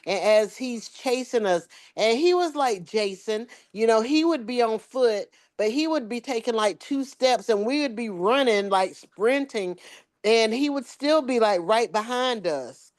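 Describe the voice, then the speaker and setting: A woman's voice: fairly high pitch, unhurried. Lady telling a wild story, acts out everybody's lines, voice jumps all over. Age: adult with children. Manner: animated storyteller, acts out quoted dialogue. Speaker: podcast co-host. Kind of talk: casual storytelling chat.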